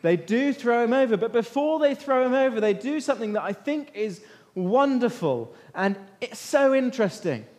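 A man telling a Bible story as a sermon, lively, often questioning his listeners and waiting for their answers. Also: extremely high pitch, normal speed, hardly any pauses. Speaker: preacher leading a Bible talk. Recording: long reverb of a large hall.

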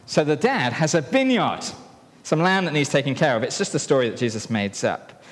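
A man preaching a sermon in a church, telling a story and drawing helpers into it in a playful, lively way. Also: on the high side, brisk. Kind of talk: sermon with a live object lesson. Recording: long reverb in a hall.

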